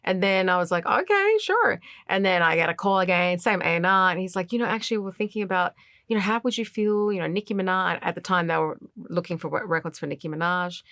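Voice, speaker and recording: A woman guest in a casual interview, telling a story in an animated way, acting out the other people's voices and laughing often. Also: fairly low pitch, fast, no room sound, clean studio sound. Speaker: singer-songwriter guest.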